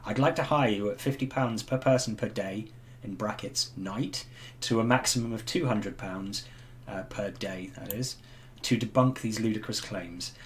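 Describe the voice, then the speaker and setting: Man putting on a posh pub owner, formal letter reading, lowish voice, background noise. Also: normal speed, natural voice. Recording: noisy home recording.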